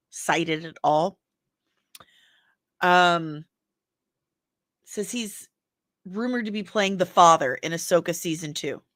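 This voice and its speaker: A woman's voice: lowish voice, a bit bright, no room sound, studio quality. A woman hosting a casual entertainment news show, chatty and rambling with jokey asides. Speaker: host.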